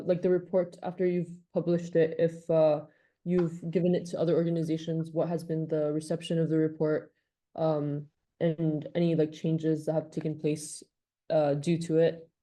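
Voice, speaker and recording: A woman's voice: low voice, mellow. A woman hosting an online gathering over a video call, asking questions with many fillers. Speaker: host.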